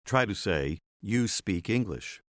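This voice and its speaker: A man narrates a language lesson in a clear, measured way. His voice sits fairly low but rises and falls a great deal. The recording is dry and close. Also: lively intonation, no room sound. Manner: clear, measured teacher's delivery. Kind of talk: scripted instructional narration.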